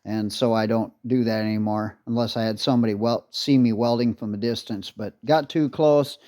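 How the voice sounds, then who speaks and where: A man's voice: fairly low pitch, steady tone, moderate pace, warm tone. A man in a workshop talking casually through a tractor repair, blunt and rambling, swearing when irritated. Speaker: restoration video maker.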